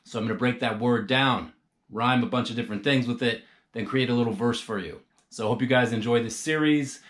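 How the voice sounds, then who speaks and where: A man teaching a casual rhyming tutorial, thinking aloud and slowly trying out rhymes. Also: medium pitch, a bit bright. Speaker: rhyme coach.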